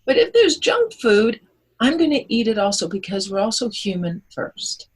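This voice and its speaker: Husky-voiced woman nutritionist on radio. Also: a little high, moderate pace, low-quality recording. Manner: animated, explanatory, acts out quotes. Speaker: holistic nutritionist guest. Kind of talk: radio interview talk.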